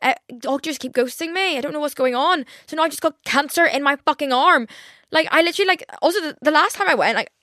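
A woman's voice: high-pitched, fast talker, sharp tone, dry recording. Rambling young woman, dry sound. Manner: rambling, lots of "like" fillers, frequent swearing. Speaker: podcast host. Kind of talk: casual solo podcast chat.

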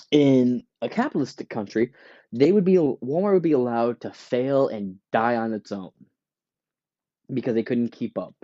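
A podcast host, ranting casually and profanely, acting out quick voices for companies and shoppers. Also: male voice, medium pitch, dark tone, lo-fi sound. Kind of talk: casual rant.

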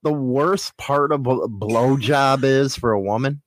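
A man's voice: mid-range voice, a little slow, slight background noise. A man co-hosting a casual podcast, rambling and making crude jokes. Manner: joking, rambling, bawdy. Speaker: podcast co-host.

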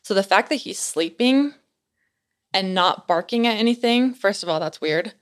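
Young adult woman, casual storyteller, chatty, filler-heavy, animated, mid-range voice. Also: medium pitch, normal speed. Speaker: guest telling a story.

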